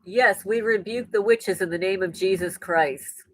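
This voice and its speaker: An older woman chats animatedly on a laptop livestream, reading out viewer comments. Her voice sits at a middling pitch, and the sound is dry and close with little room echo. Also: measured pace. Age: 60s. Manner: animated, repeats words, laughs often. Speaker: livestream host. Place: rural home indoors. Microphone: laptop mic.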